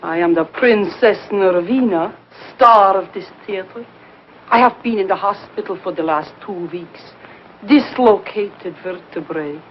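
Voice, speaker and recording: Woman as a slow-spoken, snooty diva with fake foreign airs, muffled old soundtrack. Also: medium pitch, a little hiss or hum, close to an everyday voice. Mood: haughty. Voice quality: put-on foreign accent, grand and disdainful. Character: haughty burlesque star with a phony foreign accent. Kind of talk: 1940s film acting. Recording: muffled 1940s film soundtrack with faint music.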